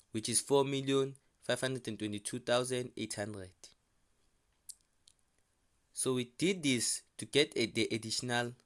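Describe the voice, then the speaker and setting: A man explaining an accounting question in a patient, step-by-step tutorial voice. He repeats each figure slowly so the listener can follow. His pitch sits in an ordinary middle range. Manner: repetitive, restating figures slowly. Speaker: accounting teacher.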